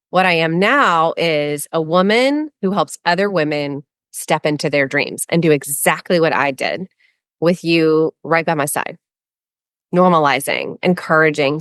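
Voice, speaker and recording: A woman who is a transformational coach and a guest in an interview, telling her personal story in an animated, emotional way with frequent laughter. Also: low voice, dry recording, studio quality.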